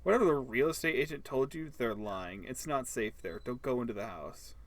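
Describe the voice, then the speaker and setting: A man's voice: medium pitch, animated, brisk, close to an everyday voice. A man voicing a polite, anxious neighbour who speaks formally and apologetically. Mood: polite, urgent.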